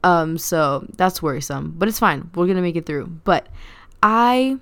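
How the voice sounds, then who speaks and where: A young adult woman hosting her own podcast, telling rambling stories in a chatty, animated way with lots of fillers. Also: fairly low pitch, normal speed, smooth, no echo. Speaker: podcast host. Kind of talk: casual storytelling monologue.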